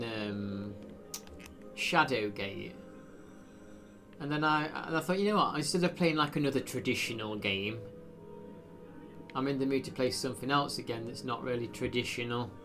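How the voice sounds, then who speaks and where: A man's voice: medium pitch, expressive, moderate pace, pauses often, over music. A man chatting casually while live streaming a video game, rambling with lots of fillers. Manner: rambling, self-deprecating, frequent fillers.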